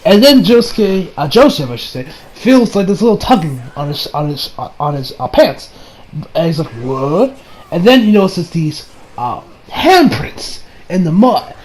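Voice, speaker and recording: Brief: high-voiced young male reviewer, rambling recap, bursts into loud acted-out lines. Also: normal speed, a little hiss or hum. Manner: rambling, excitable, acts out quotes with sudden shouts. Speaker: anime reviewer. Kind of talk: casual episode recap and review.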